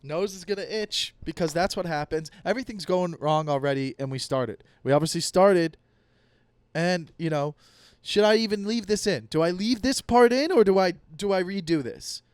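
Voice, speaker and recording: A man's voice: high voice, moderate pace, smooth, no echo, studio quality. A young man hosting a comedy podcast alone, ranting in a heated, profane, rambling way. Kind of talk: solo comedy podcast rant.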